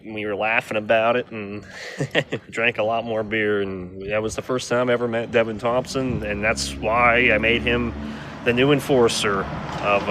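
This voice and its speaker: A middle-aged man telling a bar story in a casual, rambling way, rough and full of profanity. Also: mid-range voice, fairly bright tone, a little hiss or hum.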